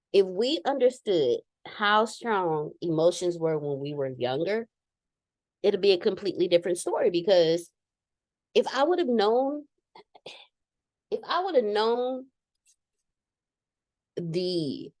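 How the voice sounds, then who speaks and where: A woman hosts a relaxed group video call, laughing often and speaking with candid energy. Her voice sits a touch low but swings widely in pitch. The sound is dry and close. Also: no echo.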